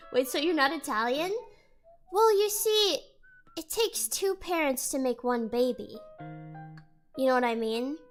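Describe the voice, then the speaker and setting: With soft music playing behind her, a young woman streams and chats casually with her audience, reading their messages aloud. Her nose is stuffy, and she rambles and giggles. Her high voice is expressive and slow, with frequent pauses.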